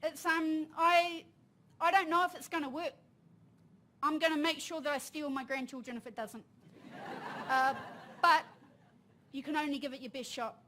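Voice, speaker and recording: A woman with a New Zealand accent, in her thirties or forties, telling a personal story at a conference, lively and laughing, with Māori phrases mixed in. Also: high-pitched, unhurried, pauses often, slight background noise. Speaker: panel speaker. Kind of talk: storytelling talk. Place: conference room.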